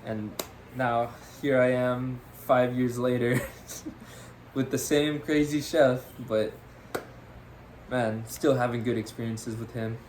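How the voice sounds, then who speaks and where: With a mid-range voice and a slow delivery, a young man tells a story on the podcast he co-hosts, slight background noise audible. He's animated and casual, laughing often and saying "freaking" over and over.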